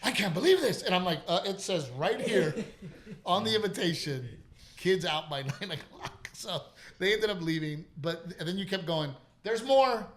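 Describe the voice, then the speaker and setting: A middle-aged man from Texas, hosting a podcast and telling stories in an animated way, laughing often and swearing. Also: sits high, moderate pace. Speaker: podcast host. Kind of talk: casual chat.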